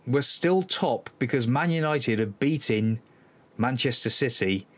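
A man's voice: medium pitch, lively intonation, a little slow, a bit bright, slightly rough. A man hosting a football management let's-play, commenting live on the match, exasperated and sighing, talking to his players. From Cornwall, England.

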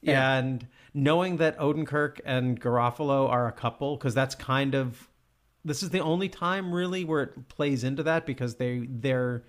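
A man hosting a podcast, chatting enthusiastically and laughing often while recapping comedy sketches. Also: mid-range voice. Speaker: podcast host. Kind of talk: casual podcast chat.

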